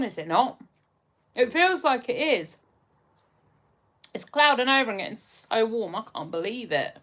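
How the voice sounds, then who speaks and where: Hosting a casual livestream, a woman with an English accent chats with viewers, reads their comments, laughs a lot, and calls them darling. Her mid-range voice is expressive and fairly bright, at a normal speed.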